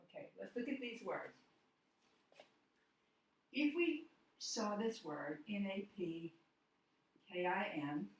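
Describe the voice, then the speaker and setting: Woman teacher, slow and patient, lowish voice, echoey classroom from a distant mic. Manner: slow, step-by-step explaining with frequent "okay". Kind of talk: phonics lesson at a board. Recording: roomy echo, distant mic, faint noise.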